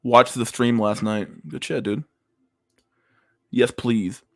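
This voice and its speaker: A man's voice: mid-range voice, takes it slowly, gravelly, a bit bright, no room sound. A man hosting a casual livestream, reacting to memes with crude slang-heavy banter. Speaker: livestream host.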